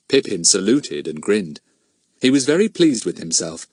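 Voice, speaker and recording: Man narrating a story with lively expression. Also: fairly low pitch, moderate pace, no echo, clean studio sound. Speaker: audiobook narrator.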